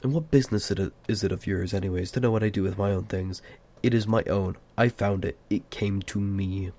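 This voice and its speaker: A man's voice: on the low side, moderate pace, gravelly. A man voicing an elderly male hobbit, fussy and possessive, in an amateur audiobook reading. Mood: defensive. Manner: fretful, turning sharp and clutching.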